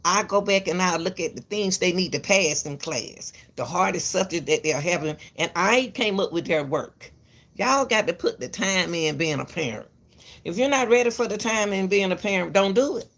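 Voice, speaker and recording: A woman with a lowish, fairly bright voice and lively intonation speaks at normal speed as a commentary channel host. Talking casually to the camera, she is emphatic and repetitive, lectures parents, calls viewers "baby," and frequently stumbles and restarts.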